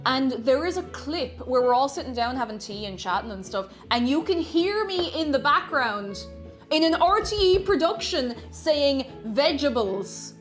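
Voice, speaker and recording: At normal speed and in a high, sing-song voice, a young Irish woman streams from home with soft background music. She reads out viewer comments in a casual chat, often giggling and straying into rambling asides.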